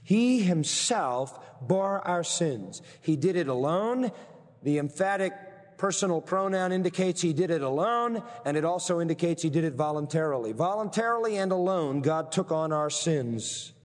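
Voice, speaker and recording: A man preaching a sermon in a church sanctuary, his somewhat high voice trailing off into a long hall reverb. He argues point by point and slows almost to a crawl to press home the key phrases. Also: expressive. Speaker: pastor.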